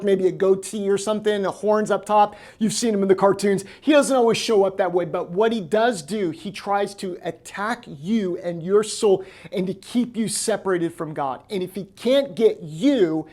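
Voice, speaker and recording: An American man in the role of pastor, preaching a lively sermon and acting out quoted voices. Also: high-pitched.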